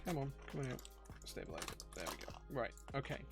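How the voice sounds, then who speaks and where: A man's voice: medium pitch, very animated, fast talker, over music. A man, chatting casually on a live stream while he builds a keyboard. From England. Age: 40s. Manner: chatty, self-deprecating, reads chat aloud.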